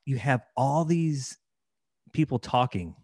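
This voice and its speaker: A man's voice: medium pitch, lively intonation, takes it slowly, dark tone, breathy edge, no room sound, clean studio sound. A man hosting a casual interview, enthusiastic and often restarting his sentences. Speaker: podcast host.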